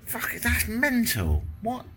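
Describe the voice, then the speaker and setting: A man's voice: very high-pitched, huge pitch swings, unhurried, sharp tone, husky, faint music behind. A British man vlogging from a hotel room after a sleepless night, jet-lagged, wry and self-deprecating, swearing casually. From Britain. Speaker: travel vlogger. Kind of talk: casual travel vlog monologue. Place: hotel room with windows closed.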